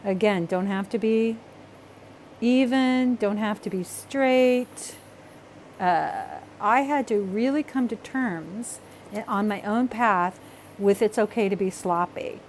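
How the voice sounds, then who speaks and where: A woman teaching a hands-on art project in a loose, chatty way, talking to herself and apologizing as she gets excited. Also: medium pitch, slow pace, slight background noise. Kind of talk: casual craft tutorial.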